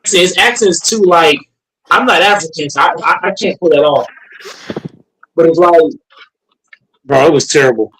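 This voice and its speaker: Brief: young man, high voice, animated profane sports banter. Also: moderate pace, long pauses, breathy edge, rough recording. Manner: animated, laughing, profane trash talk.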